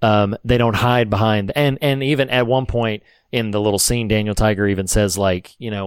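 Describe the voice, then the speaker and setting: A man's voice: lowish voice, steady tone, fairly quick, few pauses, clear, resonant tone, dry recording. A man co-hosting a podcast, talking earnestly and thoughtfully about a film, with frequent restarts. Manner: earnest, reflective, many restarts. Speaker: podcast co-host. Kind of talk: casual film discussion.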